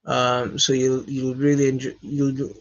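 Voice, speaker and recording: A man's voice: mid-range voice, completely flat delivery, a little slow, highs cut off. A tired man hosting a live stream, chatting casually and hesitantly with many ums and restarts while he answers viewer comments.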